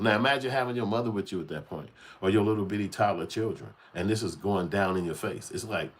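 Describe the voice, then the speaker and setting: A man's voice: lowish voice, quick pace. A man giving a blunt, heated commentary, cursing freely and acting out other people's voices. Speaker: channel host. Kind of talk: unscripted commentary rant.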